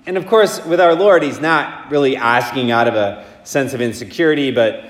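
A man's voice: mid-range voice, lively intonation, a little slow. Male priest, laid-back chatty homily, reverberant church, long echo. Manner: casual, conversational preaching with many fillers. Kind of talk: gospel reading and homily.

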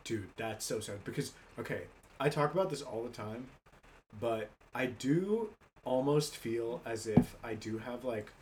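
A man's voice: mid-range voice, animated, a little slow, background noise. A man co-hosting an improvised comedy podcast, talking casually and laughing along. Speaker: podcast co-host.

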